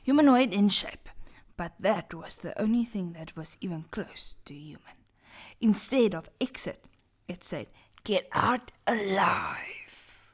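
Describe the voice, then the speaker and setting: Woman, breathy, hushed, slow dramatic podcast story read. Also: medium pitch, lively intonation. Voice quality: breathy, slow, half-whispered delivery. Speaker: podcast co-host reading a story.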